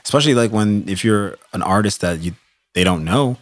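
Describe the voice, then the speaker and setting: Laid-back low-voiced man. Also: expressive, brisk, no room sound. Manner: laid-back, uses lots of fillers like "bro". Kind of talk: casual chat.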